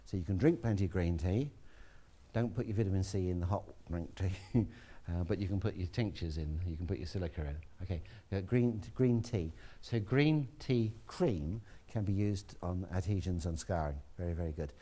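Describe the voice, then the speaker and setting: A man giving a relaxed, chatty classroom lecture, with asides to students. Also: deep voice, normal speed.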